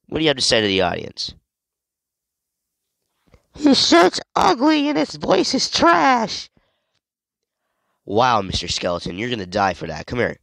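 Young male gamer, sick, low voice with a bouncy lively swing, rambling play-by-play and sudden yelps, dry close sound. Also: gravelly, no echo. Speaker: gaming video creator. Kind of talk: casual gameplay commentary.

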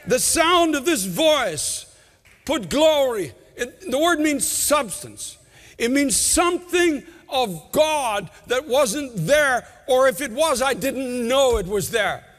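A pastor preaching an impassioned sermon, his voice often rising to shouts. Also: extremely high pitch, very animated, slow. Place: large church sanctuary. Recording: long church reverb.

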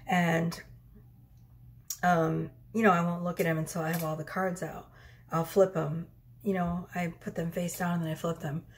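A woman in her thirties giving a casual tarot reading at home, chatty and rambling, with soft whispered asides. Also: fairly low pitch, a little hiss or hum. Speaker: tarot reader. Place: home room.

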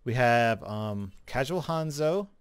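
A man's voice: mid-range voice, takes it slowly, clean tone, no echo. Casual male game commentator, easygoing and chatty, mid voice, dead dry close mic. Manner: relaxed, chatty, with fillers and small laughs. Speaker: gaming YouTuber. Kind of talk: casual commentary over gameplay.

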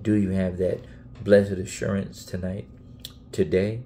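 A man's voice: deep voice, level tone, measured pace, warm tone, a little hiss or hum. A man preaching in a casual Bible teaching video, earnest and emphatic, often repeating himself and restarting phrases.

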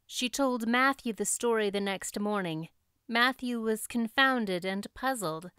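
Woman audiobook narrator, measured and even, smooth clear tone, dry close sound. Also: a little high, no echo.

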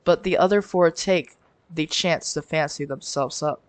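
A woman's voice: sits low, normal speed, no echo. A woman streamer reading a visual novel aloud with her own asides, giggling and stumbling over words now and then. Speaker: let's play streamer.

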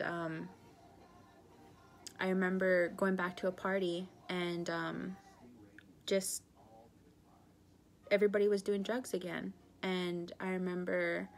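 A woman of about 30 from northern British Columbia, Canada, giving an earnest personal testimony, halting and full of pauses and fillers. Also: medium pitch. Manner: earnest, confessional storytelling.

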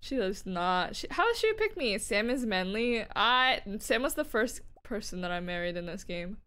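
A tired woman streaming a game and chatting casually with a friend, playful and teasing with quick laughs. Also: mid-range voice, very animated, sharp tone, smooth. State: tired, low energy. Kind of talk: casual gaming chat.

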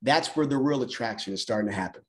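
A man's voice: mid-range voice, fast. Emphatic motivational coach, man. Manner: emphatic, repeats phrases for effect. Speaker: business mindset coach. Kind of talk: motivational call talk.

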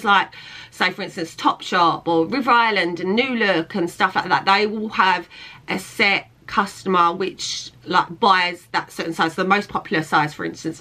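A woman's voice: fairly low pitch, pushed and bright, rough recording. A young woman, a fittings model, chatting casually to camera in a vlog, full of "like" and restarts. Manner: chatty, filler-heavy, with frequent "like" and restarts. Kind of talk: casual talking-head vlog.

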